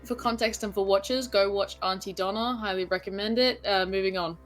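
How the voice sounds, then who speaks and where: A woman's voice: mid-range voice, steady tone, fairly quick, soft background music. An Australian woman playing a tabletop game, drawling and unsure, who swears casually. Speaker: player.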